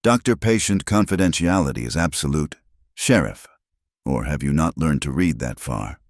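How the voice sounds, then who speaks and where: An educated frontier doctor stands up to a bully with crisp, cutting words, as a deep-voiced man reads her. The voice is only a little lifted from his low register, and the sound is close and dry. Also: expressive, normal speed, no echo. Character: sharp educated woman doctor, unafraid.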